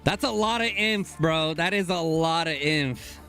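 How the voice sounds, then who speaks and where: A young man streaming a game live, talking to his chat in casual slang and bursting into excited high exclamations. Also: measured pace, faint music behind.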